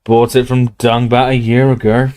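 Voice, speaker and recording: A man voicing a gruff, belligerent old barman who bellows and scoffs. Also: mid-range voice, flat delivery, normal speed, a little mellow, natural voice. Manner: bellowing, scornful, defiant.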